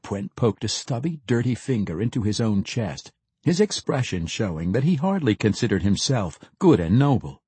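Male audiobook narrator, mellow and husky, lively expressive delivery. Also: fairly low pitch, moderate pace, dry recording. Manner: expressive, dramatic storytelling. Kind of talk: scripted fantasy narration.

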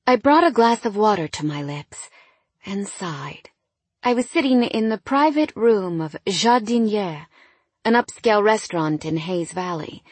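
Woman narrator for first-person romance; soft, breathy, slightly low voice, dry recording. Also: lively intonation, unhurried, no echo. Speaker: audiobook narrator.

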